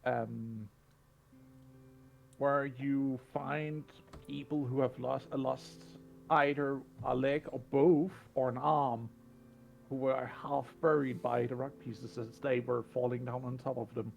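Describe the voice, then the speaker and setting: A man narrating as game master, slow and hesitant with many fillers. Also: medium pitch, steady tone, gravelly, a little mellow, slight background noise.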